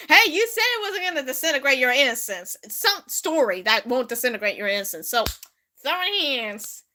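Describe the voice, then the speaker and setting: Bright high-voiced young woman storyteller. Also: big pitch swings, brisk. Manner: giggly, rambling, breaks into voices and song. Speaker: livestreamer. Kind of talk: casual made-up storytelling.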